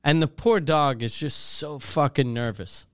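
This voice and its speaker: A man co-hosting a casual comedy podcast, reacting quickly and telling short anecdotes. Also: a little high, clean tone, dry recording, clean studio sound. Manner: animated, quick reactions and laughs. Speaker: podcast co-host.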